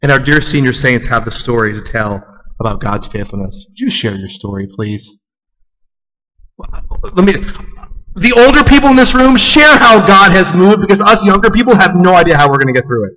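Young guy preaching, bright forceful voice, goes quiet then loud, big echoey church hall. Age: young adult. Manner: animated, swings from hushed to loud and high. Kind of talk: sermon. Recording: long hall reverb.

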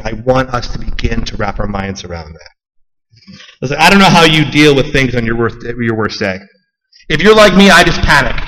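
Young guy preaching, bright forceful voice, goes quiet then loud, big echoey church hall. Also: slight background noise. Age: young adult. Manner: animated, swings from hushed to loud and high. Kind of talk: sermon. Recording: long hall reverb.

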